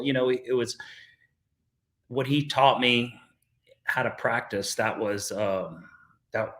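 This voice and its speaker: A man's voice: mid-range voice, fairly bright tone. A middle-aged man from South Texas, a golfer guest, telling stories in casual talk, full of fillers and restarts. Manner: storytelling with many fillers and restarts.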